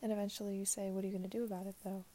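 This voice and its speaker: Soft-spoken young woman, half whispered. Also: mid-range voice, level tone, rapid-fire, slight background noise. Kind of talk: reflective spoken monologue.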